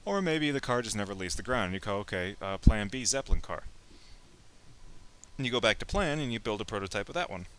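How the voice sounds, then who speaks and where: A man's voice: medium pitch, sing-song, very fast, hardly any pauses, sharp tone, smooth. A young man teaching a casual, joking lecture on science and engineering, acting out imagined speakers with playful asides.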